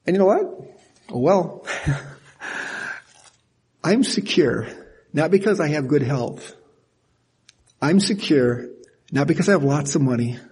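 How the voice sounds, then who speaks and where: An older man gives a sermon, his tone folksy and animated, with small laughs at his own expense. His voice is husky and mellow, pitched a little high for a man. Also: takes it slowly, long pauses. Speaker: pastor.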